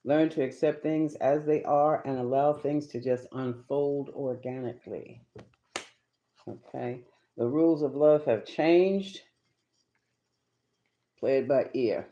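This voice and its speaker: A man's voice: medium pitch, slow, pauses often, mellow, lo-fi sound, a little hiss or hum. A man doing a live tarot reading, chatty and emphatic, talking straight to his viewers. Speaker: tarot reader.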